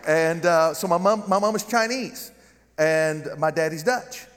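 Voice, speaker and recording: Preaching at a measured pace in a large hall, this Southern-accented middle-aged man from the United States has a slightly high voice. As guest pastor in a big church with a balcony, he delivers a joking, animated sermon and calls out for amens.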